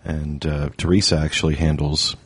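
A man's voice: rumbling low, flat delivery, normal speed, breathy edge, no echo. A man hosting a podcast, handing off segments with easygoing short remarks. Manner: easygoing, brief replies. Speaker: podcast host. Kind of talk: casual chat.

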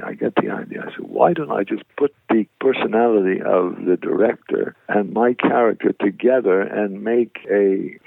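Gravelly older man, phone-line radio. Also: medium pitch, dry recording. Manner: lively anecdotal storytelling with quoted voices. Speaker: actor guest. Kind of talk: storytelling interview. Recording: dry tinny phone-line radio audio.

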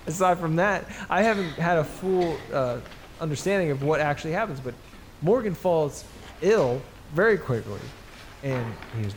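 A man's voice: medium pitch, moderate pace, creaky, a little mellow. A man hosting a comedy podcast, rambling through a profane, joking movie retelling and laughing at his own jokes. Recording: noisy background.

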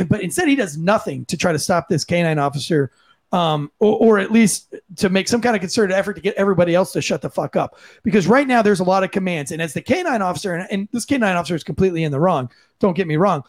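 Male podcast co-host, ex-cop, blunt profane rant, high-pitched voice. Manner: blunt, profane, impassioned ranting. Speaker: podcast co-host, former police officer. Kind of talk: heated opinion commentary.

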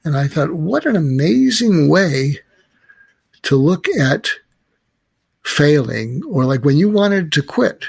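A man's voice: fairly high pitch, sing-song, slow, gravelly, breathy edge, no room sound. A middle-aged man speaking casually, telling a story and giving advice with frequent restarts and fillers.

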